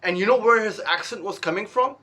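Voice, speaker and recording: Bright-voiced man telling a story. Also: high-pitched, quick pace, dull audio. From India. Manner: animated, emphatic retelling with many restarts. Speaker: vlogger. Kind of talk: personal storytelling to camera.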